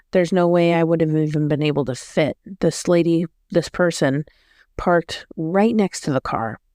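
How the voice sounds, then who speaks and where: A woman's voice: lowish voice, a little mellow, clean tone, no echo, studio quality. A woman vlogger telling a story in a casual, rambling way, often correcting herself. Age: adult.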